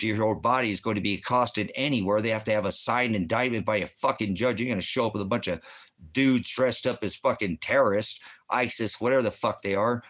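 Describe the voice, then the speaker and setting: This former cop and veteran from the United States speaks fairly quickly in a lowish, fairly bright tone. His heated rant is laced with nonstop profanity.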